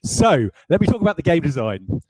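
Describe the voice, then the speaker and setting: A man's voice: on the high side, very animated, fairly quick, a little mellow, no echo, rough recording. A man, a game designer, talking through design ideas in a rambling, self-deprecating way with many hesitations. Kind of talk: livestreamed design talk.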